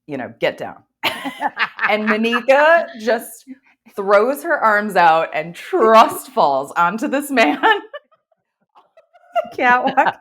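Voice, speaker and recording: A woman's voice: fairly low pitch, fairly bright tone. A young woman co-hosting a podcast, telling a funny story in a chatty way full of fillers and laughter. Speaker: podcast co-host.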